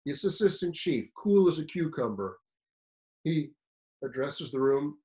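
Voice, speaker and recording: A man from the United States giving a fire service career seminar, telling a story in an animated, emphatic, conversational way. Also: a little high, unhurried, rough recording.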